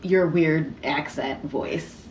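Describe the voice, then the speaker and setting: A woman's voice: deep voice, extremely slow. Young female co-host, teasing, echoey room, busy crowd behind. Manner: reactive, teasing interjections. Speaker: podcast co-host. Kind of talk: casual chat.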